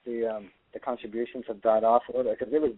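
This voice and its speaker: A middle-aged actor and filmmaker, talking earnestly as a guest in a radio interview, rambling with many restarts. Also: male voice, medium pitch, fairly even intonation, quick pace, no echo. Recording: tinny dry phone line.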